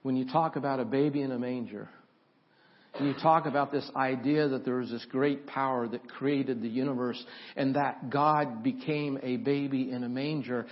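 A pastor telling a story in his sermon, animated, with restarts and questions to the congregation. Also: medium pitch, normal speed. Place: church. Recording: dull lo-fi church audio.

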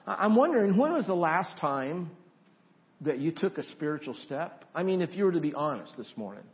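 Man, pastor; storytelling sermon, higher-pitched voice, muffled lo-fi sound. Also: sing-song, fairly quick. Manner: storytelling, builds up tension then softens to a gentle invitation.

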